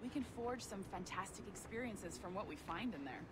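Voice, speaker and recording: An actress playing a brisk, welcoming female corporate supervisor who shows a new hire around, heard as game audio with noise behind. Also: medium pitch, expressive, lightly acted. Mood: upbeat.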